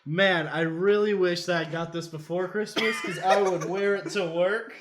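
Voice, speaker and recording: A man's voice: high-pitched, fairly even intonation, moderate pace, noisy background. A man co-hosting a casual podcast, joking around and laughing between his sentences. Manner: jokey, laughs while talking. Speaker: podcast co-host.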